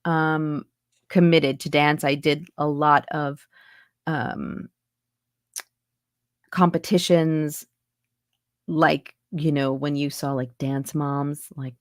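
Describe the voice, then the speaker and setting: Low-voiced chatty woman accent coach. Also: level tone, slow, long pauses, no echo, studio quality. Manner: chatty, lots of fillers and restarts. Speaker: accent and dialect coach, guest. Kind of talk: casual interview chat. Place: home in Montreal, on a video call.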